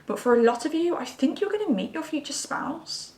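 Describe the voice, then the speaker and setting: A woman's voice: high-pitched, lively intonation, brisk, a little mellow, recorded from a distance. A woman giving a chatty, reassuring pick-a-card tarot reading. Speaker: tarot reader. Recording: roomy sound from away from the mic.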